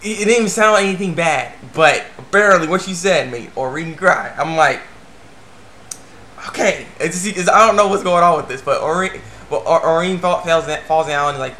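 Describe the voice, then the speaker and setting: Guy rambling through an anime review, bright voice, roomy echo, squeaks when quoting characters. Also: normal speed, slight background noise. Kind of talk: casual vlog review.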